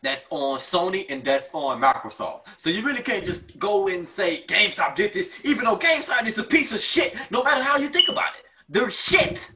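A man with a high, bright voice banters in a casual podcast and swears freely. His pitch swings widely as he jokes and laughs. He sits a little away from the mic. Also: normal speed, hardly any pauses, distant mic. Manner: lively, profane banter with frequent laughter. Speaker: podcast co-host. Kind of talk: casual chat.

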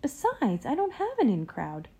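A woman voicing a young girl bear cub in a storybook reading, with a bright, eager voice. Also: on the high side, wildly swooping pitch, normal speed, husky, pitched above the performer's own voice, full character voice. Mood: defensive.

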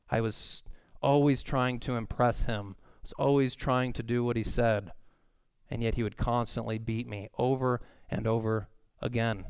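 A man in his thirties preaching a sermon in an earnest, conversational way, with sudden excited outbursts. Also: medium pitch, normal speed, smooth, dry recording, clean studio sound. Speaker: pastor.

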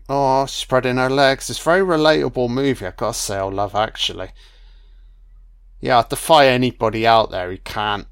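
A man's voice: fairly low pitch, smooth, no room sound, clean studio sound. Swearing man riffing on a film. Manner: profane, joking, rambling asides with "you know?". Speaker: film commentary host. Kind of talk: casual film commentary. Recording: audio-only commentary.

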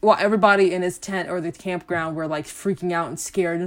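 A woman's voice: fairly low pitch, steady tone, brisk. A woman minister telling stories in a rambling, chatty way with many fillers, turning preachy and emphatic. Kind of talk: casual faith talk.

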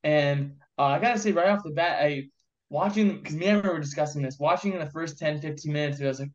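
A man hosting a casual film review chat, excitable and rambling, swearing freely. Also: a little high, quick pace. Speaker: podcast host. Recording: dull lo-fi sound.

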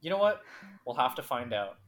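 A woman podcast co-host in casual chat, blunt and quick to swear. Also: rumbling low, sing-song.

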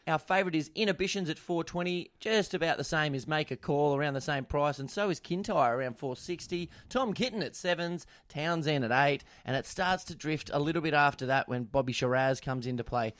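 A man's voice: on the high side, fairly quick, hardly any pauses, a bit bright, dry recording. A man hosting a racing preview podcast, reading out odds and cracking puns on horse names. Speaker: podcast host. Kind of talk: jokey racing preview banter.

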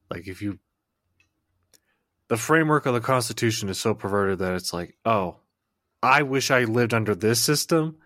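A man's voice: deep voice, fairly bright tone, no room sound, clean studio sound. A young man co-hosting a podcast in casual chat, sarcastic and profane. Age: young adult. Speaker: podcast co-host.

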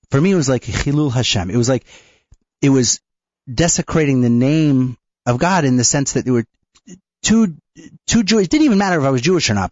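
A man tells a personal story on a radio talk show, stopping and restarting often and breaking into small nervous laughs. His voice sits at an ordinary middle pitch. The sound is dry and slightly dull, like a close studio mic. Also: a little mellow, dry recording. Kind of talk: conversational storytelling.

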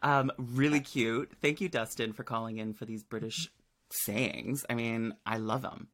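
Podcast co-host, woman, very deep voice, giggly and gushing. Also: steady tone, a little slow. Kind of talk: casual chat.

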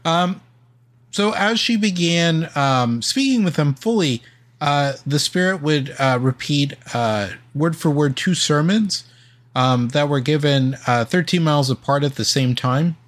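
A man's voice: on the high side, a little slow. A man co-hosting a podcast, reading a ghost story from notes with many ums and uhs.

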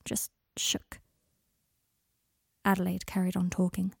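Hushed, husky woman reading a story. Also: fairly low pitch, monotone, slow pace, no echo, studio quality. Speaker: story reader. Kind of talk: audiobook narration.

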